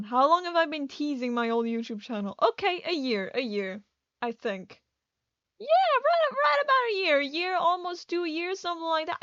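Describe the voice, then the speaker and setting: A young woman with a high, fairly bright voice is captured in a dry, dull-sounding recording. A gaming YouTuber with a headache, she rambles through casual gameplay commentary in a scatterbrained, self-mocking way.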